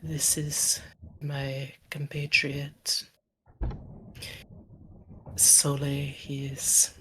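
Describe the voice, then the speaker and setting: A woman playing a formal, measured adventurer. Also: a bass voice, monotone, sharp tone, a little hiss or hum, heavily acted. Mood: earnest.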